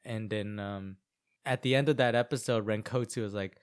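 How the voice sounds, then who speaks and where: A young man co-hosting a podcast, chatting casually as he recaps an anime, full of "like"s and quick asides. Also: on the low side, smooth. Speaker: podcast co-host.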